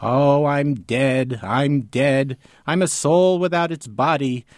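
A man voicing a ghostly ventriloquist dummy that speaks like a crazed monk in a slow, eerie, high-pitched drone. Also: no room sound, studio quality, close to an everyday voice. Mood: ghostly lament.

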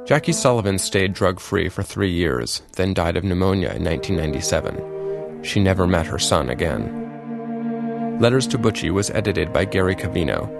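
A man giving scripted narration and credits in a measured, matter-of-fact way. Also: sits low, very animated, creaky, music in the background.

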